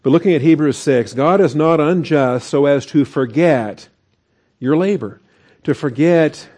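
A man's voice: fairly high pitch, measured pace, a little mellow. A man preaching a conversational sermon as pastor, with asides and chuckles.

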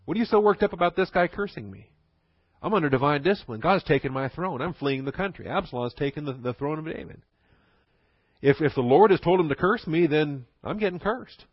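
With a higher voice and lively intonation, this pastor talks fairly quickly through a Bible study sermon. He keeps it casual, tossing in joking asides and soft laughter, and the recording is dull and dry with no room sound.

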